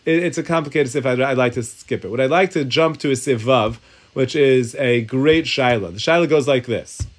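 A man's voice: medium pitch, moderate pace. A man teaching a Talmud and halacha class in a synagogue study hall, thinking aloud, often restarting sentences and mixing Hebrew terms into his English.

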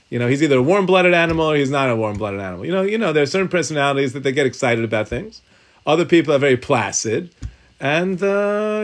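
With a voice on the high side, he leads a Talmud and halacha lesson in a synagogue study hall. He reasons out loud, often starts sentences over, and blends Hebrew terms into English.

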